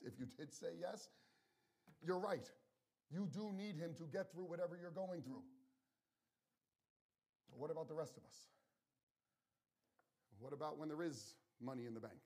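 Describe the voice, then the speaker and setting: A man delivers a sermon in an earnest, personal tone. His voice sits a little high, and he speaks to the congregation as if in conversation. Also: animated, normal speed, a little mellow. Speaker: preacher.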